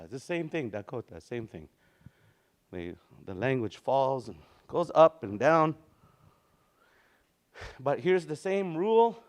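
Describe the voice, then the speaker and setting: A man's voice: mid-range voice, big pitch swings, measured pace, long pauses. A man leads a small classroom language lesson in an easygoing, conversational way. He chuckles between points and draws out his words in a sing-song lilt. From Canada. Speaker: language teacher. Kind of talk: casual classroom teaching.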